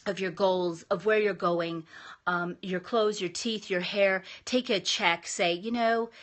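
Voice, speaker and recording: A woman's voice: lowish voice, steady tone, a little slow, a bit bright. A woman in her thirties giving a casual, emphatic motivational talk as a vlogger, chatty and upbeat with frequent restarts.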